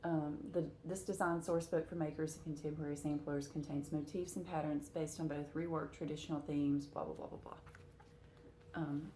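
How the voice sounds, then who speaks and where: Low-voiced woman chatting casually. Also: fairly even intonation, fairly quick, hardly any pauses, warm tone, a little hiss or hum. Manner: chatty, with frequent fillers. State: hiccups. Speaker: cross-stitch vlogger. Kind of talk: casual chat to camera.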